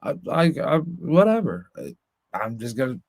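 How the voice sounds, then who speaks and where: A man co-hosting a casual podcast, swearing constantly and mimicking family members in high voices. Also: sing-song, moderate pace, gravelly, no echo, clean studio sound. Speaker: podcast co-host.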